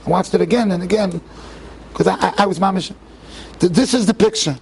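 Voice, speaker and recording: A man speaking as a rabbi at a tribute event, telling stories in an animated way with frequent restarts and Hebrew and Yiddish phrases. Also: sits high, brisk, vocal fry, slightly rough. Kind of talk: tribute speech with storytelling. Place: event hall.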